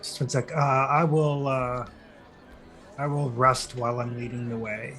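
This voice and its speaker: A man playing a character in a tabletop game, talking in a relaxed, chatty way. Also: medium pitch, unhurried. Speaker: player. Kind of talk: casual tabletop play. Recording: audible background noise.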